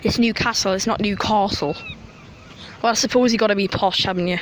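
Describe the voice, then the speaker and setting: A man, rambling and excitable as he films a casual walk-and-talk vlog at an outdoor metro station. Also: high voice, rapid-fire. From North East England. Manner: chatty, rambling, excitable about train details. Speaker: transport vlogger. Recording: noisy outdoor station sound.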